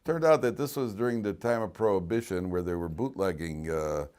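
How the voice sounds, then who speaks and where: A man's voice: low-pitched, a little fast. A man teaching a class as a rabbi, telling stories with jokes and many repeated words. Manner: animated, joking storyteller who repeats words. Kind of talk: lively classroom storytelling.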